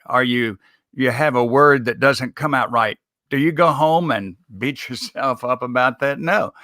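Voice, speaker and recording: A man with a bright, forceful voice gives communication advice in a steady, teaching manner. His recording is dry and close, with no room sound, and he lets small chuckles slip between points. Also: mid-range voice, no room sound. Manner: measured, instructive, chuckles while making points. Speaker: guest communication consultant. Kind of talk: live show interview.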